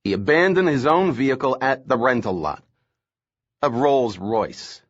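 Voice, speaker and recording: A man's voice: medium pitch, very animated, unhurried, dull audio, voice pushed up. A man voicing an angry, stocky federal agent in charge who speaks in a curt, abrasive way. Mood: brusque.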